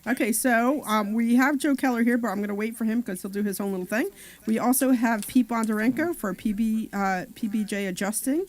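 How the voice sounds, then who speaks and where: A woman co-hosting a talk radio show, chatting and reading out sponsor phone numbers and web addresses slowly. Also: a little high.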